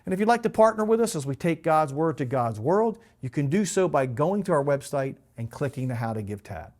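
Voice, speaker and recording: A middle-aged man, a pastor, teaching a Bible lesson in a steady explanatory way, repeating key points. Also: on the high side, a little fast.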